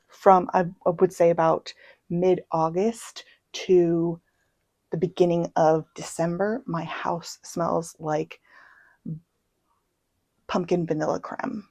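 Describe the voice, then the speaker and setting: A young woman chatting casually as a book vlogger, self-deprecating and full of quick asides. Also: on the low side, steady tone, dark tone, dry recording, low-quality recording. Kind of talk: casual chat. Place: home.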